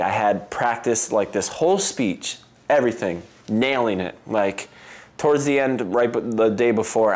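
A man in his thirties with a fairly low voice tells stories about his family in a loose, chatty way. He leans on "like" and "um" as he talks. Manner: chatty, full of "like" and "um" fillers. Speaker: interviewee. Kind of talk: casual storytelling interview.

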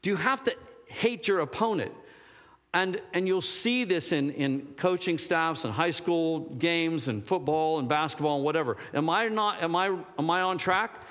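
A man's voice: high-pitched, a bit bright. Man, pastor, rambling sermon, searching for words, long reverb, church sanctuary. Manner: rambling, searching for words, rising to emphatic fervor.

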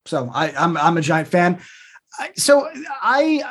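A husky-voiced co-host chatting casually, lively and quick to act out little quotes. The talk often stumbles into stammering restarts before rushing on. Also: mid-range voice. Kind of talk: casual chat.

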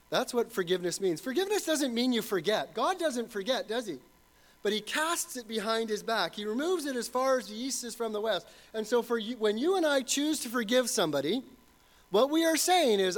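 A man's voice: extremely high pitch, animated, fairly quick. A man preaching a sermon as pastor, earnest and building to fervent emphasis.

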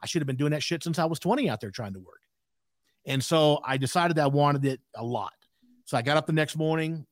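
A man's voice: fairly high pitch, fairly quick, no echo, clean studio sound. A man in his sixties, a podcast guest telling a candid story in an emphatic way with frequent asides.

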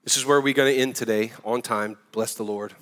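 A man preaching a sermon in an energetic, emphatic, conversational way. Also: mid-range voice, fairly quick, long reverb tail. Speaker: pastor.

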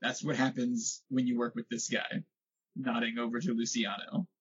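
Husky man at a tabletop game. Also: medium pitch, little pitch movement, normal speed. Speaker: player. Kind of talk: casual tabletop play. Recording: dull lo-fi recording.

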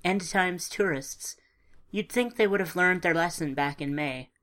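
A woman voicing a wry, chatty friend in an audiobook, with a low voice. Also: measured pace, fairly bright tone.

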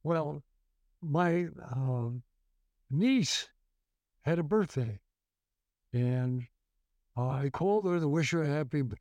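Older male guest actor; rambling storyteller, warm dark timbre, close dry mic. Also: on the high side, animated, takes it slowly, long pauses, dry recording. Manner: rambling, many restarts and fillers. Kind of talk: storytelling interview.

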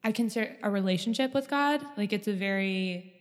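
A woman's voice: medium pitch, fairly quick, soft background music. A young woman talking casually and earnestly, with many ums and likes, as a guest in a chat. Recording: long hall reverb.

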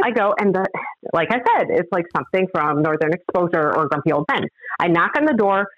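A woman's voice: lowish voice, animated, a little fast, dry recording, dull audio. A middle-aged woman telling a story as a podcast guest, acting out other people's lines. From Upper Midwest of the United States. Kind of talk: animated storytelling.

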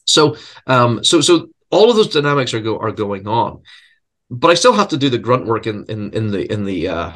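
A man's voice: mid-range voice, big pitch swings, moderate pace, a bit bright. A man who is a seminary professor and preacher, answering interview questions in an earnest, reflective way with self-deprecating humor, often repeating words as he searches for phrasing.

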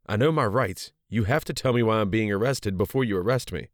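A man's voice: fairly low pitch, fairly quick, no room sound, clean studio sound, lightly acted. A man voicing a woman who protests her arrest, indignant and insistent in a storybook reading. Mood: defiant. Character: anxious woman facing arrest, defiant.

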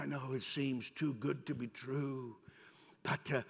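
A man preaching a sermon, moving between hushed storytelling and loud, emphatic passages. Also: medium pitch, fairly even intonation, unhurried, gravelly, slightly rough. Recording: long hall reverb.

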